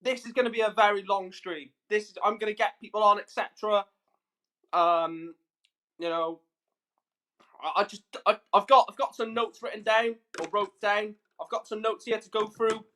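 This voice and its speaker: A man's voice: high-pitched, fairly even intonation, moderate pace, bright, forceful tone. A man ranting on his livestream, furious and swearing, repeating himself for emphasis. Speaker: YouTube streamer. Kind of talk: angry livestream rant.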